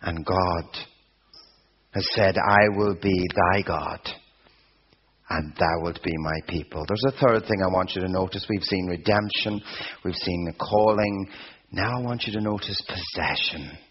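Slow, husky-voiced male preacher. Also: sits low. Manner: slow, emphatic preaching with swelling repeated phrases. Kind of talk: sermon. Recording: dull lo-fi sound.

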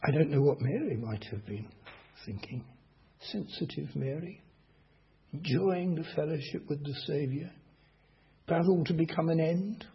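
A man preaching a sermon slowly and deliberately, asking the congregation rhetorical questions. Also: fairly high pitch, creaky. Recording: dull lo-fi recording.

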